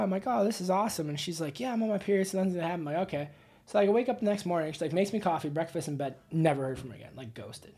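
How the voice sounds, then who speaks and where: A woman telling profane, rambling stories as a podcast guest, with quick asides. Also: fairly low pitch, mellow, breathy edge. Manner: storytelling, profane, laughing asides. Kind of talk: casual podcast chat.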